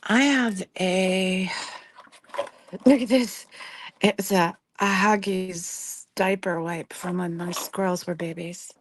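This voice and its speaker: Casting: woman streamer, lowish voice, hoarse and fading, half-whispered, tearful casual chat at her desk. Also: steady tone, slow pace, a little hiss or hum. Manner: soft-spoken, often half-whispering; tearful, grieving. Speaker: livestreamer. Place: home desk.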